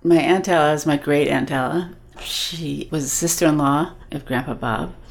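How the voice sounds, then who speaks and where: A woman shares a warm family remembrance on a radio show. Her voice sits very low for a woman and has a gravelly fry. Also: moderate pace. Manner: reminiscing warmly about family. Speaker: guest on the show. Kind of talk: personal remembrance.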